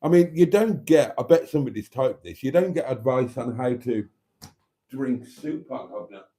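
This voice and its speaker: Wry, mellow-voiced man streaming. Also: medium pitch, normal speed. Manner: wry, theatrical, calls viewers darlings; relaxed and a bit rambling, sipping wine. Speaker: channel host. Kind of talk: live stream chat reading viewer comments.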